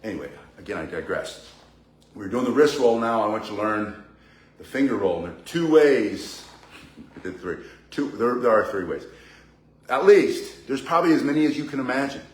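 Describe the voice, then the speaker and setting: A man's voice: medium pitch, expressive, normal speed. A male martial arts instructor giving a live online bo staff lesson indoors, chatty and prone to joking asides. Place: indoor room with a ceiling. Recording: echoey indoor room.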